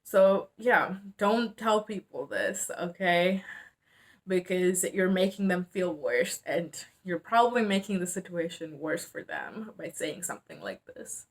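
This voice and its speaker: A woman's voice: fairly low pitch, animated, a little slow. A young adult woman talking to camera about hard personal topics, earnest and hesitant, with many fillers and restarts. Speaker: mental health vlogger. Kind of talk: casual emotional talk to camera.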